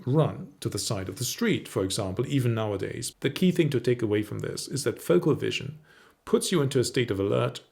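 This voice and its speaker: A middle-aged man, a confidence coach, teaching straight to camera in a calm, measured way. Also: mid-range voice, creaky. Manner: calm, measured, demonstrates intonation.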